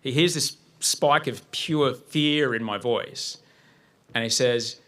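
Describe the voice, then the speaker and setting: A man tells a personal story to a live audience with a bright, forceful voice. His delivery is vivid, and he acts out his own panic as he goes. His pitch sits in an everyday middle range. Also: slow pace. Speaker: guest speaker. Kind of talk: personal story told on stage.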